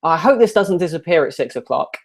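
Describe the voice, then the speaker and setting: A man's voice: fairly high pitch, animated, brisk, slightly rough. A young man with a self-deprecating, rambling manner, chatting casually while answering viewer questions live. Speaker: YouTuber hosting a live Q&A.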